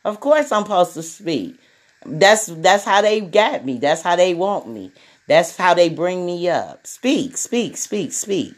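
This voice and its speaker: A woman's voice: lowish voice, animated, measured pace. A woman hosting a podcast in a casual monologue, blunt and profane, repeating herself. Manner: blunt and profane, with many repetitions. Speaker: podcast host.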